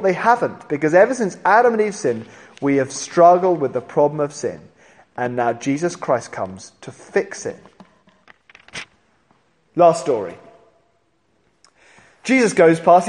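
A man preaching a sermon, telling the story in an animated way and acting out the voices of the people in it. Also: fairly high pitch. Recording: long hall reverb.

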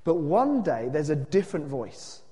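Expressive preacher with a lively voice. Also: male voice, a little high, normal speed, big-room sound. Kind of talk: sermon with a read-aloud story.

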